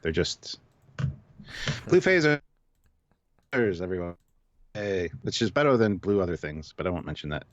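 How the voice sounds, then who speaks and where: A man's voice: deep voice, normal speed, no room sound, dull audio. A man from Canada co-hosting a live stream, reading out chat messages in a laid-back way with dry asides.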